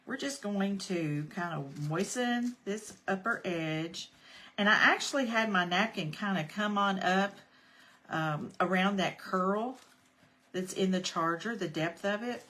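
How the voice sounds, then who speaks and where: Demonstrating a craft project live, a woman chats casually and calls out viewers by name between steps as the tutorial host. Her fairly low voice is a bit bright, with slight background noise.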